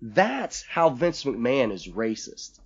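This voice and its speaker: A man's voice: medium pitch, slow pace, vocal fry, breathy edge, lo-fi sound. A man co-hosting a podcast in casual chat, ranting and swearing as he talks. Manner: profane, ranting, animated. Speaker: podcast co-host.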